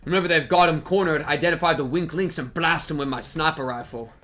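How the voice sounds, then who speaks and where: A man's voice: a little high, quick pace, a bit bright, natural voice. A man putting on a cocky British sniper. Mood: wry. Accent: put-on British. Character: cocky British male sniper, dry and flippant. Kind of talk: reading game dialogue aloud.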